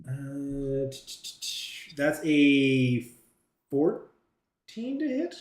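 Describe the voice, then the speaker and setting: Man, game master, mid-pitched, halting delivery, echoey home mic. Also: big pitch swings, darkish tone. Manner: hesitant, many fillers and restarts. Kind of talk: narrating a tabletop game.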